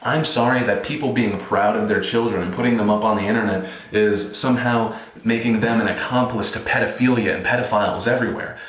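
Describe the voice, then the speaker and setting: A man's voice: on the low side, steady tone, fairly quick, a bit bright, echoey room, poor audio. A man in his twenties making a casual, sarcastic vlog, delivering a string of mock apologies. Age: 20s. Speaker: vlogger.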